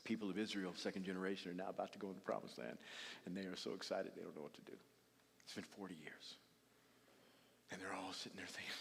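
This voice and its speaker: A man preaching a sermon as a bishop, telling the story dramatically, acting out quoted voices and dropping from loud passages to hushed ones. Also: deep voice, fairly even intonation, fast, vocal fry, a little hiss or hum. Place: large hall used for church services. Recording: long reverb of a large hall.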